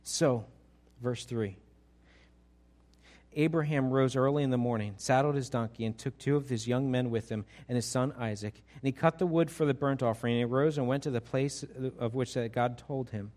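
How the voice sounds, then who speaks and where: A middle-aged man preaching a sermon as pastor, animated and full of rhetorical questions to his congregation. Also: medium pitch, normal speed.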